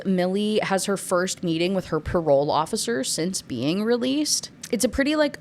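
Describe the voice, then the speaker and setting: A young woman talks through a book plot in a loose, conversational way, with sarcastic asides. Her voice sits a little low, and she slips into the characters' lines as she goes. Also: slight background noise. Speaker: book reviewer. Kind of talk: casual spoiler recap.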